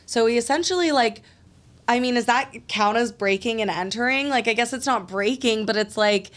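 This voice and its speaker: A woman's voice: on the high side, moderate pace. A young woman hosting a podcast, telling a personal story in casual chat, full of "like" fillers and swearing. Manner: animated storytelling, heavy "like" fillers, frequent swearing. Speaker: podcast host.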